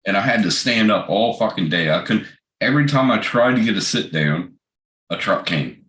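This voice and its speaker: A man's voice: fairly low pitch, expressive, normal speed, fairly bright tone. A man hosting a livestream, chatting casually, swearing a lot and telling work stories loosely. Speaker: livestream host. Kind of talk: casual chat. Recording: roomy echoey sound.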